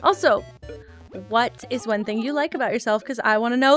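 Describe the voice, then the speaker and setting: A woman streaming from home chats casually with her viewers. Her voice sits a bit high, and she laughs and apologizes often between thoughts. Soft music plays faintly in the background. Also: brisk. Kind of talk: casual chat.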